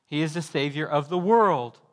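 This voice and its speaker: A man preaches with fervent, rising emphasis, stacking repeated calls one after another. His voice sits high for a man. The sound carries the long reverb of a large church hall. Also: normal speed. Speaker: pastor. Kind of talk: sermon.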